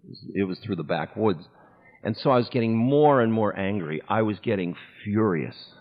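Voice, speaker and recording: A man's voice: lowish voice, expressive. Male spiritual teacher, candid storytelling talk with laughter; tinny lo-fi recording, long hall echo. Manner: candid, unhurried, breaks into laughter.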